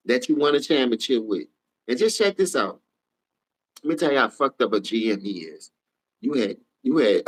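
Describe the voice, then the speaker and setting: A sports talk host from New Orleans runs a live stream, ranting heatedly and profanely as he trash-talks players. He swings between low muttered asides and high shouted outbursts, and the recording quality is poor.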